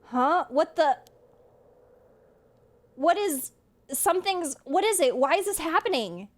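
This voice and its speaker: A woman's voice: very high-pitched, lively intonation, takes it slowly. A young woman streaming a horror game live, giving jumpy commentary full of shrieks and swearing.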